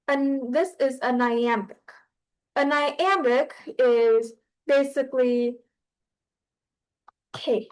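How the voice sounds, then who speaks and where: A woman teaching a class about poetry, explaining hesitantly with frequent pauses and restarts. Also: high-pitched, rough recording.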